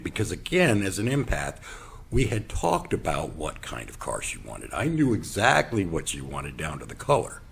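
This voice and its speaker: A man's voice: low-pitched, normal speed, vocal fry, husky. A man telling a personal story in a monologue, acting out quoted lines and sometimes dropping to a whisper. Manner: animated storyteller, acts out quotes, drops to a whisper. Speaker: podcast host.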